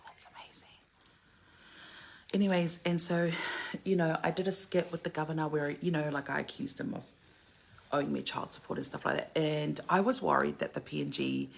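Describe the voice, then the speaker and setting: A middle-aged woman from Samoa chatting casually to camera, gushing and animated, jumping to high exclamations and dropping into whispered asides. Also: vocal fry, slightly rough. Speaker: singer and entertainer vlogger.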